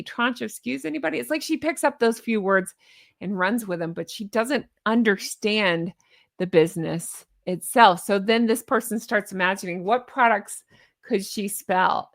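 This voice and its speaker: A woman's voice: mid-range voice, vocal fry, a bit bright, no echo, studio quality. A woman hosting a casual reaction commentary, chatty and sarcastic, laughing at her own jokes. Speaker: YouTube commentary host.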